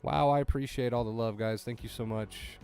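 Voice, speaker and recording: Male streamer, casual chat with viewers, excitable and repetitive, mid pitch, faint music in background. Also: moderate pace, vocal fry. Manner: excitable, talks to chat, repeats himself when flustered. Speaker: livestreamer.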